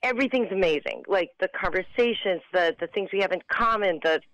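A woman calling in to a radio show, talking in halting, tearful bursts with nervous laughs as she fights back tears. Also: mid-range voice, a bit bright, no echo. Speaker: caller. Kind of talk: emotional call-in confession. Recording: phone line.

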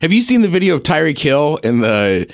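An excitable man on a casual sports podcast, telling stories with a lot of laughter. His voice is a bit high with a gravelly edge, and his pitch leaps around. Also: brisk. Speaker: podcast co-host.

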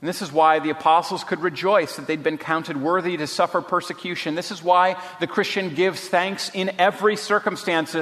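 A man delivers an earnest, measured sermon, then reads a book passage aloud. His voice sits slightly high and rings through a hall with a long reverb tail. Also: fairly even intonation, fairly bright tone. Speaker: pastor.

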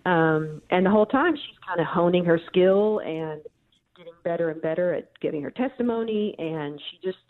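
A woman guest speaks over a thin, tinny phone connection, her voice a touch low. She tells stories patiently, pausing with ums as she recalls details. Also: animated. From central Missouri. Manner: thoughtful storyteller with frequent ums. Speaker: author and guest. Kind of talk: phone interview.

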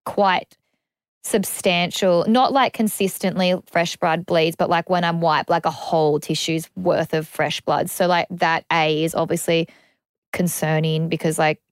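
A young Australian woman talks openly in a loose, rambling way, full of fillers and the odd curse. Her voice sits a touch low, and the sound is close and dry with no room around it. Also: steady tone, unhurried, clean tone, no room sound. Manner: rambling, frequent "like", swears freely. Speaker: podcast host. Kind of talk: candid casual chat.

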